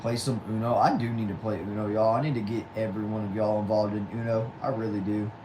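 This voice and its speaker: Young guy on a home livestream, lowish voice, reads chat and answers wryly, steady air-conditioner hiss. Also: quick pace. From Texas. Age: 20s. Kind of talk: casual livestream chat reading comments. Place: small back room at home.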